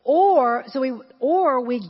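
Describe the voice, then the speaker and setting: Animated woman pastor in a church hall. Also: high-pitched, slow pace. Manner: animated, laughing, repeats phrases, chants. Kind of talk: sermon. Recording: dull sound in a reverberant church hall.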